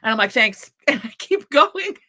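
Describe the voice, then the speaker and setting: A middle-aged woman on a panel, telling a personal story in an animated, expressive way with quoted dialogue. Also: high-pitched, normal speed.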